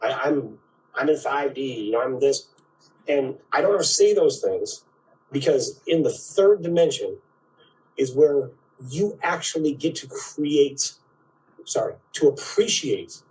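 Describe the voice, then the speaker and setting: A man's voice: medium pitch, dark tone. Man giving a spiritual talk, distant mic. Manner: keeps asking "right?", acts out quoted voices.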